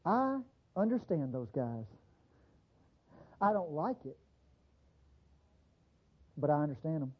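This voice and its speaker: Lively husky-voiced preacher man. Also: fairly high pitch, slow pace, pauses often, muffled recording. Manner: animated preaching with mock voices. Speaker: pastor. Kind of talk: sermon.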